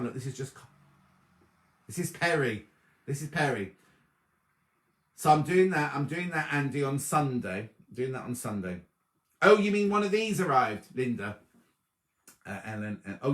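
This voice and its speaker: A man in his 50s hosts a sewing livestream from a home room in front of a dark wall, chatting casually while reading viewers' comments aloud and thanking each by name. His voice sits at medium pitch and sounds reverberant.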